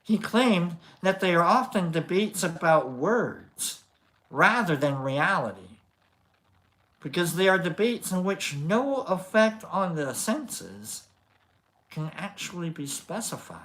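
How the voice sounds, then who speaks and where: A stream host reading philosophy aloud at an unhurried, slow pace. They pause often to restate lines and stress words, mixing in jokey asides to the chat. The delivery is loose and conversational rather than polished. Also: mid-range voice, big pitch swings, fairly bright tone.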